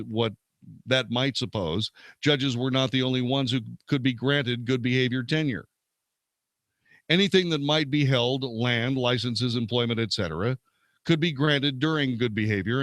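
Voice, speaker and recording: Here a male show host works through legal texts, commenting as he goes and now and then stumbling before correcting himself, though his reading stays steady. His medium-pitched voice is a little bright, with no echo.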